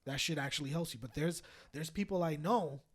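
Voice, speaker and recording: A man's voice: brisk, husky. A man co-hosting a casual podcast, telling stories in a loose, profane way, laughing often and acting out other people's lines. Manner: animated, profane, laughs often, acts out quotes in high voices. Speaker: podcast co-host. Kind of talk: casual storytelling chat.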